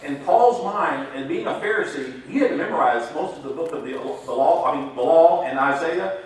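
A man's voice: a little high, animated, moderate pace. A man preaching a sermon in a folksy storytelling way, laughing at his own jokes. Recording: echoey hall, mic far off.

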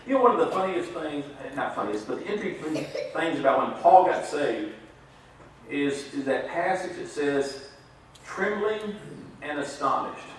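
A man's voice: a little high, expressive, normal speed, slight background noise. A man preaching a sermon in a folksy storytelling way, laughing at his own jokes. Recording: echoey hall, mic far off.

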